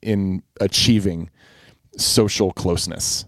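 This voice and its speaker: Sincere low-voiced man podcast host. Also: steady tone, fairly bright tone, no room sound, clean studio sound. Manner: sincere, reflective, halting. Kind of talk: casual chat.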